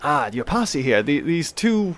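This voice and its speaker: A man voicing a bustling, cheerful halfling woman who runs a fishery, talking high and eager. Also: big pitch swings, a little slow, gravelly, dry recording, full character voice. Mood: surprised. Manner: high, eager, chatty, fussing over business.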